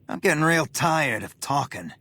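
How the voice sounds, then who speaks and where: A man's voice: on the high side, lively intonation, normal speed, sharp tone, full character voice. An actor playing a tough, impatient male gang leader in video game dialogue. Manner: curt, scornful.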